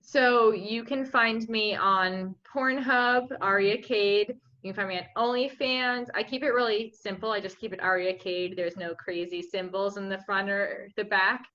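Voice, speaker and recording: Young female guest, bright chatty delivery, muffled remote audio. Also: medium pitch, fairly even intonation, unhurried, few pauses. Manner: chatty, filler-heavy with frequent likes. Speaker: interview guest. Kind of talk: casual interview chat. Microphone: remote home mic.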